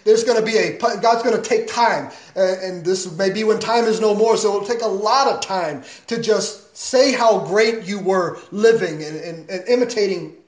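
A man preaching a sermon as a pastor, emphatic, with big swings in pitch and loudness. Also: moderate pace, hardly any pauses, echoey room.

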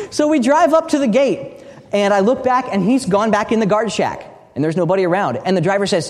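A man from the United States giving a teaching talk in a large hall, a lively storyteller who often restarts and repeats his words. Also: sits high, brisk, some chatter behind. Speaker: speaker at a training session. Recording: long reverb of a big hall.

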